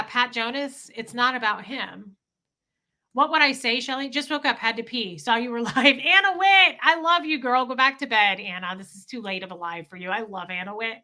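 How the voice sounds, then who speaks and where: A woman's voice: on the high side, pushed and bright. A woman in her forties, candidly chatting with viewers on a livestream, talking straight to chat. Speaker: livestream host.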